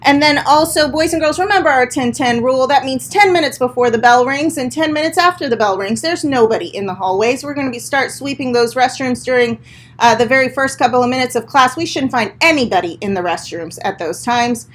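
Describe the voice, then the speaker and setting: A cheerful woman reads the morning school announcements, speaking straight to the children. Her voice sits a little high, and her tone stays upbeat and encouraging. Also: expressive, brisk.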